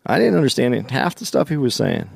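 A man's voice: medium pitch, big pitch swings, fairly quick, gravelly, husky, dry recording, clean studio sound. A man co-hosting a casual chat, speaking hesitantly and restarting his sentences.

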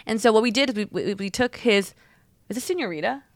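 A woman's voice: on the high side, lively intonation, fast, no echo. A young woman in casual chat, reflecting and telling a story.

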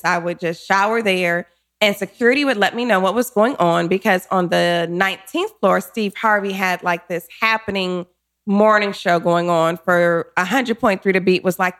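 A woman in her forties, a guest telling her career story in an interview, animated and quick to act out what people said. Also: on the low side. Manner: animated, acts out quotes, laughs often.

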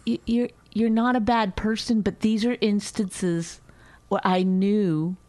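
A woman's voice: mid-range voice, steady tone, takes it slowly, warm tone. Exasperated woman scolding in an argument. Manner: exasperated, scolding, swears freely. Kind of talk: heated casual argument.

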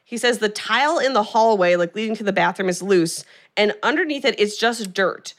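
A woman co-hosting a podcast, recapping a film in a chatty, animated way and swearing freely. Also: medium pitch, a little fast. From California. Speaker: podcast co-host. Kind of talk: casual chat recapping a film.

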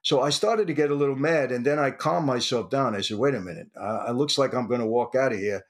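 An older man recounts a tense story in an interview, his voice sitting at a middle pitch. He talks in an animated way and slips into the voices of the people he quotes. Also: fast talker. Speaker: interview guest, former mobster.

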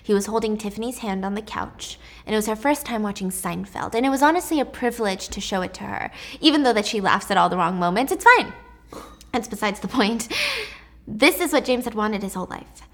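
A woman telling a dark story in a casual spoken way, with chatty asides to the listener. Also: mid-range voice, fairly quick.

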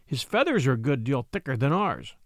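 A man's voice: medium pitch, big pitch swings, brisk, dry recording, studio quality. A man voicing a proud, defiant little girl in an old storybook tale, answering stoutly and curtly. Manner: stout, curt replies.

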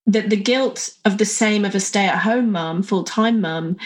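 A woman's voice: mid-range voice, unhurried. Curious, musing female podcast host. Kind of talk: casual interview conversation.

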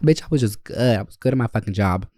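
Profane, low-voiced man telling stories. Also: fast talker, dry recording, clean studio sound. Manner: candid, profane, animated storytelling. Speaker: podcast host. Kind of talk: casual storytelling podcast.

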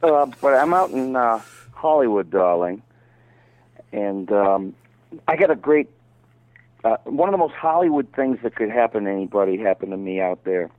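A man's voice: on the low side, moderate pace, dry recording, rough recording. A man from Detroit, a voice actor guest telling jokey stories in a casual podcast chat. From Detroit, Michigan. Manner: animated, storytelling, jokey.

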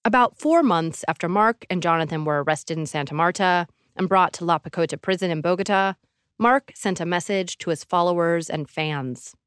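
A woman hosting an investigative podcast, narrating in a measured, serious way. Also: lowish voice, clear, resonant tone, no room sound, studio quality. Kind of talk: scripted narration.

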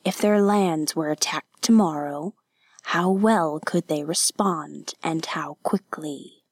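A woman voicing a scheming, menacing male samurai lord in a hushed whisper, as whispered role-play in an audiobook. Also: fairly high pitch, slow, no room sound, clean studio sound. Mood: conspiring.

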